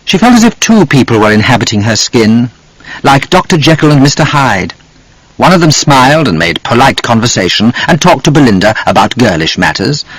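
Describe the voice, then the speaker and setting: A man narrating an audiobook in an expressive, measured storytelling manner. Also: mid-range voice, slightly rough, dry recording, poor audio. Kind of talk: scripted narration.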